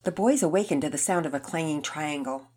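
A woman narrating a children's story in an expressive reading voice. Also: low-pitched, a little fast, heavy background noise.

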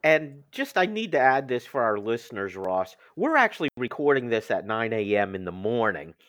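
A man's voice: medium pitch, sing-song, moderate pace, a bit bright, dry recording. A man hosting a sports talk show, reading ads and listener questions with playful emphasis. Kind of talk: casual sports chat and ad reads.

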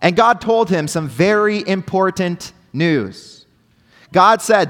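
A young adult man preaching a sermon as pastor, earnest, with rhetorical questions, dropping to hushed tones and rising to emphatic points. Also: sits high, lively intonation, takes it slowly. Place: church hall. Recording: long hall reverb.

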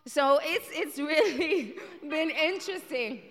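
Woman preacher, 30s, storytelling sermon; unhurried, giggly delivery in a reverberant sanctuary. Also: sits high. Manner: warm, giggly, animated storyteller. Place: church sanctuary. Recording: long reverb in a large hall.

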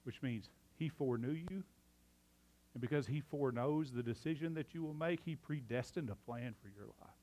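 A man preaching a sermon, excitable and out of breath, swinging from loud fervor to hushed emphasis. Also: mid-range voice, normal speed. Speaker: pastor.

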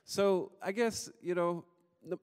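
A man's voice: high-pitched, takes it slowly, darkish tone, clear, resonant tone. A man in his thirties telling a personal story to an audience, conversational and self-deprecating, with many fillers.

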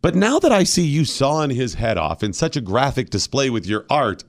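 A man's voice: mid-range voice, very animated, moderate pace, no echo. A male radio host giving argumentative, opinionated commentary and firing off rhetorical questions.

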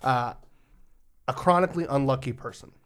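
A woman's voice: rumbling low, normal speed. A woman from Ireland co-hosting a podcast in casual chat, reading out foreign words and sometimes stumbling over how they are said. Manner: playful, laughs mid-sentence. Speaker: podcast co-host.

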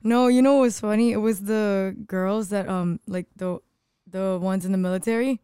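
A woman co-hosting a casual podcast, giggly and animated as she tells stories. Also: mid-range voice, normal speed, clean tone, no room sound, studio quality.

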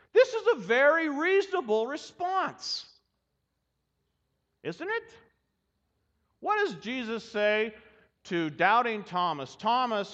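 A male pastor preaching a sermon in a church, in an animated, folksy and humorous way. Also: very high-pitched. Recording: dull sound with long hall reverb.

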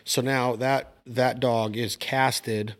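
Lively man telling hunting stories. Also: mid-range voice, slow. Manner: animated storyteller, laughs and mimics voices. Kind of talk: casual chat.

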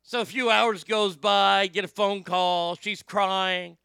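Brash, high-voiced man telling a story. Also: fairly even intonation, slow, vocal fry, clean tone, dry recording. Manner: profane, loud and emphatic storyteller. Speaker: radio show host. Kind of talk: storytelling on a talk show.

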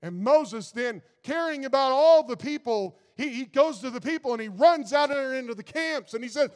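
Male pastor, very high voice, conversational sermon turning fervent, long hall reverb. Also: animated, normal speed, few pauses. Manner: conversational preaching that builds to fervent intensity. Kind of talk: informal sermon.

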